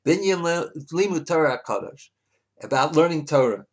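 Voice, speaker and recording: Man giving an animated Torah class. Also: a little high, normal speed. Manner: reads Hebrew text aloud then explains in English; storytelling, swings between loud emphasis and soft asides. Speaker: Torah teacher.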